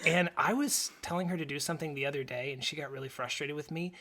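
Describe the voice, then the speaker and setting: A man's voice: fairly high pitch, fast talker, heavy background noise. A man in his thirties co-hosting a podcast in casual chat, joking and teasing, chuckling often. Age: 30s. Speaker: podcast co-host. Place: home studio blanket fort.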